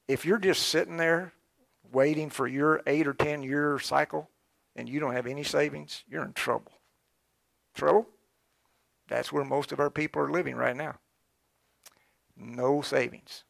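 A man's voice: mid-range voice, vocal fry, fairly bright tone, no echo. A middle-aged man preaching a sermon in a folksy, joking way. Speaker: pastor.

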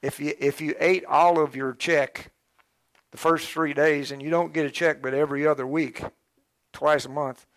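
A man's voice: on the high side, fairly even intonation, normal speed, dry recording. A middle-aged man preaching a sermon in a folksy, joking way. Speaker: pastor.

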